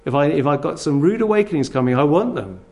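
A man preaching a sermon, earnest and animated, telling stories and asking rhetorical questions. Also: on the high side, quick pace.

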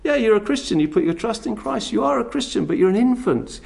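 A man's voice: high-pitched, lively intonation, fast talker, creaky, darkish tone. A middle-aged man preaching a sermon, earnestly pressing his listeners with repeated direct questions. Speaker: pastor.

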